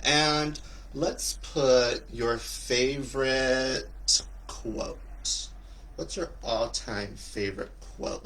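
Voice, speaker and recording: A man's voice: mid-range voice, slow, fairly bright tone. A middle-aged man hosting a casual livestream, joking and campy, greeting viewers by name with big upward swoops in his voice. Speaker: livestream host and coach.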